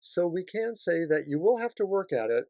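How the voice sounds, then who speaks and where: A man giving a weekly tarot reading sign by sign, chatty, swinging from hushed to excited. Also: high voice, normal speed, dry recording. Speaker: tarot reader.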